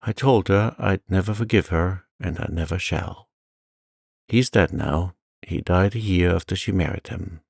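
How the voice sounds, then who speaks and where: A proud, lonely old woman, as a male reader voices her speaks slowly and bitterly. The voice is low and gravelly, close and dry. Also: darkish tone, no echo, exaggerated voice.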